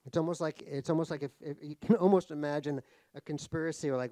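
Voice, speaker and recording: His voice sits fairly high, quick and steady in tone, mellow, with no echo and a dry, close sound. The middle-aged New York author, a guest in a stage conversation at a cultural center, spins comic anecdotes about himself, wry and laughing at his own lines, rambling along with lots of ums and restarts.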